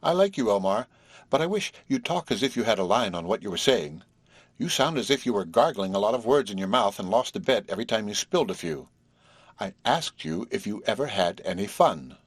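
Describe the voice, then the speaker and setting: A man reading the part of a flippant, teasing young woman in an audiobook, with a husky voice and brash, drawn-out banter. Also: on the low side, big pitch swings, no room sound, exaggerated voice.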